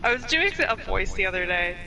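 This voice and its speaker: A woman's voice: medium pitch, animated, bright, forceful tone, recorded from a distance, slight background noise. A woman co-streaming a game, chatting casually and laughing often. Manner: laughs often, drawn-out delivery. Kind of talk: casual chat.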